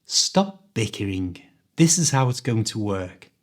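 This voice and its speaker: A man with a mild Liverpool Scouse accent, hosting an accent quiz in a clear, teacherly way. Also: on the low side, very animated, unhurried. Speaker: podcast host, English teacher. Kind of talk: quiz host, scripted podcast.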